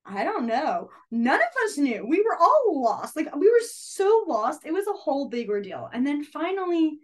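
A young woman teaching a beginners' sign language class, chatty and full of fillers, telling lively classroom stories. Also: sits high, moderate pace. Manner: chatty, filler-heavy, animated storytelling. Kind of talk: casual teaching with anecdotes.

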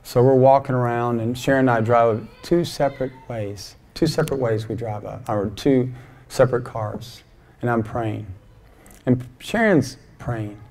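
In a church sanctuary, an unhurried middle-aged pastor delivers a folksy, conversational sermon, recounting a personal story and performing snippets of dialogue. His voice is mid-range, a little mellow, and steady in tone.

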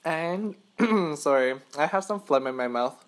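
Unhurried and lively in his intonation, a man with a fairly high voice eats on camera in a hotel room for his casual mukbang. He's from Western Canada, and his rambling is broken up by laughter and self-corrections, all caught by the camera mic.

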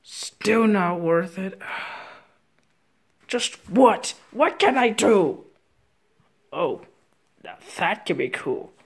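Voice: medium pitch, very animated, very slow, pauses often, husky, heavily acted. A performer voicing a grumpy, frustrated adult male villain scientist in a home-made toy show, sighing, groaning and complaining. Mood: weary. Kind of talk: amateur toy-show voice acting.

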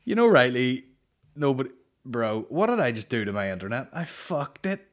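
A man hosting a comedy podcast, chatting casually, swearing freely and slipping into quick impressions. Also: medium pitch, very animated. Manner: sweary, mimics voices mid-story. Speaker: podcast host.

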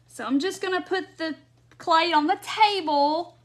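A woman's voice: very high-pitched, unhurried. Giggly woman hosting a craft livestream. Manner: giggly, laughing often while chatting to viewers. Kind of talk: casual craft demo livestream. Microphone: phone or webcam on a live stream.

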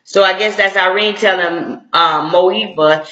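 A woman's voice: on the low side, measured pace, a bit bright. A middle-aged woman, a civil rights activist, giving blunt, confrontational commentary in slangy street talk. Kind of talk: impassioned video commentary. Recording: echoey room, dull lo-fi sound.

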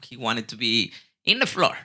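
With a sharp, mid-range voice that swings widely in pitch at a moderate pace, a man with a Mexican Spanish accent tells stories as a guest bartender. He's a Spanish speaker who keeps it casual, repeats words and swears occasionally.

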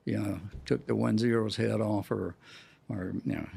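A man's voice: fairly low pitch, steady tone, moderate pace, creaky, warm tone, breathy edge. A man, a military veteran, speaking in a direct, plain-spoken way in an interview. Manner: direct, plain-spoken with frequent "you know".

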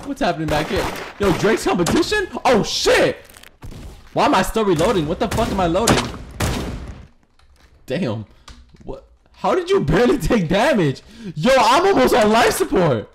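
A man giving casual, profane gameplay commentary as a streamer, excitable and prone to yelling. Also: high-pitched, moderate pace, long pauses. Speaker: gaming streamer. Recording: noisy game audio behind.

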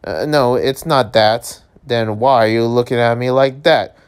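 A man voicing a calm, matter-of-fact young husband in a webtoon. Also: medium pitch, unhurried, clear, resonant tone, natural voice. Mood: teasing. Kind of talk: reading a webtoon aloud.

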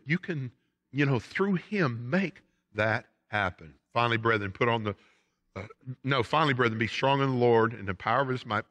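A man's voice: mid-range voice, a bit bright. A man with a Southern US accent preaching a sermon as pastor, emphatic, with rising and falling intensity. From United States. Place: church sanctuary. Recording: long church hall reverb.

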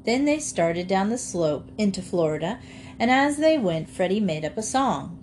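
A woman narrating a children's storybook in a gentle, lively storytelling way. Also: mid-range voice, moderate pace, a little hiss or hum. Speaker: audiobook reader.

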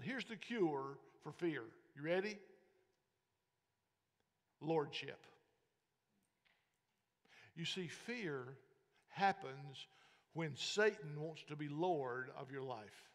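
High-voiced preaching pastor in a reverberant hall. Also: male voice, takes it slowly, pauses often. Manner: preaching with storytelling and scripture reading. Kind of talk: sermon. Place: church sanctuary.

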